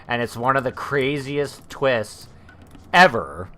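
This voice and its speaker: A man's voice: medium pitch, lively intonation, slow pace, fairly bright tone. A man co-hosting a let's play, chatting casually and swearing now and then as he plays. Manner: laid-back, drawling, swears casually. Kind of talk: casual gameplay chat.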